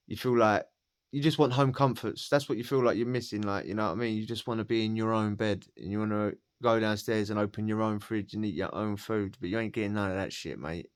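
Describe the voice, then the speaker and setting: A man's voice: fairly low pitch, steady tone, brisk, clear, resonant tone. A man from Essex with an Essex accent telling a story casually, full of slang, swearing and laughter. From Essex, England. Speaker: podcast storyteller.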